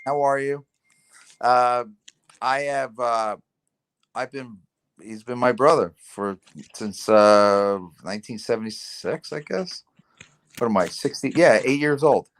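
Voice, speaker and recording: A man's voice: mid-range voice, takes it slowly, pauses often, slight background noise. A man in his fifties hosting a podcast over a video call, talking in a rambling, enthusiastic way that jumps between topics. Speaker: podcast host. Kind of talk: casual video-call chat.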